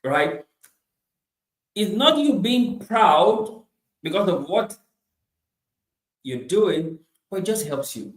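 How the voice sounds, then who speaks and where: Guy doing a pep talk, high voice, keeps repeating himself, lots of room echo. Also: animated, slow, pauses often. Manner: emphatic, repeats phrases, swings between loud bursts and quiet asides. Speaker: motivational speaker. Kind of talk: motivational talk.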